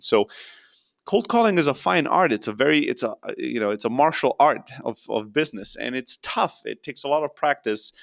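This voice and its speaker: Blunt animated man coaching sales. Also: medium pitch, dull audio. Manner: blunt, animated, swears casually. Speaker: sales coach answering questions. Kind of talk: live Q&A teaching, casual.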